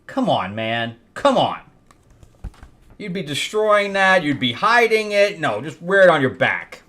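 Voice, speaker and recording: A man's voice: fairly high pitch, big pitch swings, measured pace, sharp tone. A man hosting a casual comic book review, rambling and exasperated, with laughing asides. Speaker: host.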